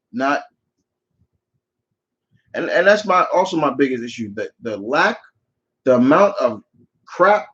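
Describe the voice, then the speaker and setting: A channel host with a medium-pitched voice answers viewer questions in a live Q&A chat, offering opinionated, rambling replies with frequent restarts. The highs in the audio are cut off.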